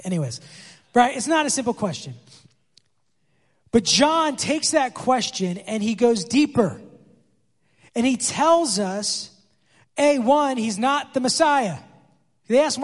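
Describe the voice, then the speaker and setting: A man's voice: extremely high pitch, lively intonation, moderate pace. A pastor preaching a conversational sermon, acting out quoted dialogue as he explains the text. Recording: long hall reverb.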